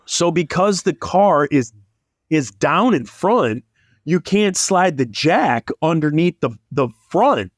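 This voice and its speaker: A man telling a long story in casual chat, animated and rambling. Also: a little high, takes it slowly, no room sound, studio quality. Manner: animated, rambling, lots of likes.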